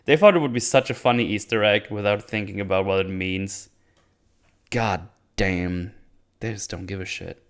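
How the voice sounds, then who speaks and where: A man's voice: lowish voice, moderate pace. A man hosting a casual episode recap, blunt and sarcastic, swearing and restarting his sentences. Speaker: YouTube show host.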